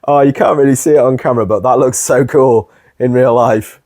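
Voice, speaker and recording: A man hosting his own video, chatting casually and warmly about his record collection, rambling with plenty of ums. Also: mid-range voice, fairly quick. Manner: relaxed and rambling, many ums, warm enthusiasm. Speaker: host.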